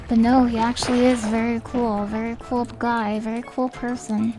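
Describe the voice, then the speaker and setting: A woman streaming a game, chatting casually and musing aloud, often trailing off into quiet mumbles. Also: high voice, fairly even intonation, moderate pace, hardly any pauses. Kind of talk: casual live-stream commentary. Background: game music.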